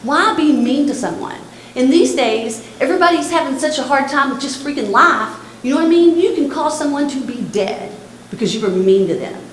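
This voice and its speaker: A woman's voice: high voice, lively intonation, a little fast, reverberant, slight background noise, rough recording. A middle-aged woman from Texas with a Texan accent, speaking earnestly and directly to students at a church. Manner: earnest, repetitive, direct to young listeners. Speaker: suicide prevention speaker. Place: church hall.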